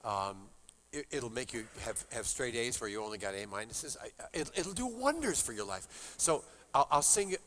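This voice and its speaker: A man's voice: mid-range voice, big pitch swings, moderate pace, pushed and bright. An older man leading a university chapel service, telling a story between songs with playful, joking exaggeration. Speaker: chapel musician and worship leader.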